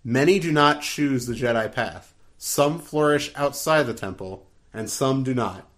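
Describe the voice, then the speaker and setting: A man reading aloud as a calm, wise Jedi master who speaks gently and firmly. The voice sits at an ordinary middle pitch and stays steady. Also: a little slow.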